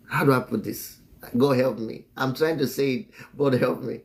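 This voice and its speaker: A relationship teacher and author speaks in a mid-range voice at normal speed, teaching about marriage on a live stream. His manner is preachy, and he repeats phrases and chuckles often between remarks.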